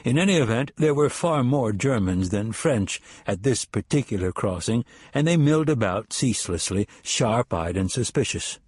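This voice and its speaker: Male audiobook narrator, husky timbre, mid pitch, measured thriller read, dry. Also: expressive, a little mellow, no room sound. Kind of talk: scripted narration.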